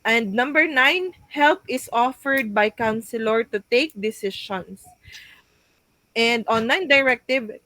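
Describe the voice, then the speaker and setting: A woman's voice: fairly high pitch, pushed and bright, no echo, rough recording. A young woman giving a class report, hesitant, with frequent fillers and restarts as she reads out points. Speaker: student presenting a class report.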